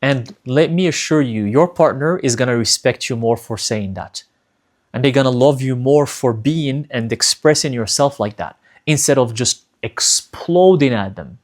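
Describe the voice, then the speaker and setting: A man with a voice of ordinary pitch delivers a spiritual advice monologue. He speaks earnestly and directly to his viewers. He repeats key lines for emphasis and leans on rhetorical questions. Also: normal speed. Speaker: spiritual teacher.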